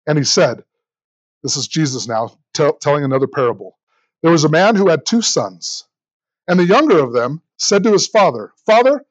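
Male pastor, high voice, animated sermon delivery, repeats his words, dry lo-fi sound. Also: no room sound.

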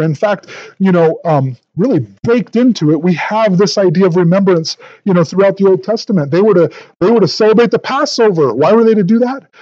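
A man's voice: fairly high pitch, darkish tone, no echo, lo-fi sound. A male pastor preaching verse by verse in an earnest, thinking-aloud way, often repeating words as he goes. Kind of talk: verse-by-verse sermon.

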